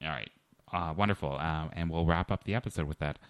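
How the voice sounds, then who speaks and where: A man's voice: very deep voice, a little fast, fairly bright tone. A man hosting a comedy podcast, talking in a hesitant, dry comic way with many fillers. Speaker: podcast host.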